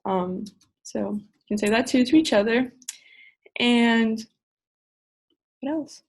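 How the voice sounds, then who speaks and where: Bright-voiced upbeat young woman from Brazil. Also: fairly high pitch, slow pace. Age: young adult. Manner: upbeat, enthusiastic, laughs easily. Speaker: student cultural navigator. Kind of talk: casual Q&A answers.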